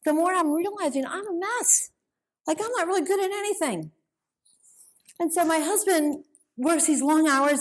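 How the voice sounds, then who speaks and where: A woman's voice: high-pitched, normal speed. A middle-aged woman speaking at a women's conference, telling her personal faith story in an earnest, emotional way. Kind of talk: personal testimony. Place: conference hall.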